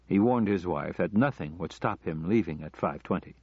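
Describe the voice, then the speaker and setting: A low-voiced man reads a story aloud in measured, even narration. The sound is close and dry, with a slightly dull, lo-fi tone. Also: breathy edge, dry recording. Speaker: audiobook narrator. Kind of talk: scripted narration.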